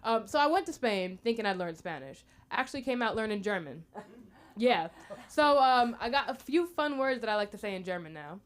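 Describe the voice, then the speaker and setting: Young American woman comic, rambling and chatty, high voice with a very lively swing. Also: brisk. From United States. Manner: chatty, rambling, lots of fillers. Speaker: open mic comedian. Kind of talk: stand-up comedy.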